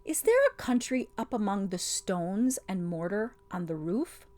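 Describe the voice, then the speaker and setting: A woman voicing a sweet-voiced witch queen who speaks softly, soothing and half-mocking. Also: mid-range voice, very animated, a little slow. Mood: coaxing.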